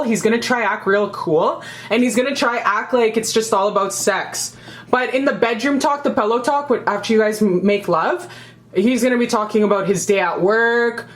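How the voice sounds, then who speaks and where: A young woman with a fairly high voice runs through a casual tarot reading, chatty and emphatic. She swears freely and circles back over her own phrases as she talks. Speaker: tarot reader.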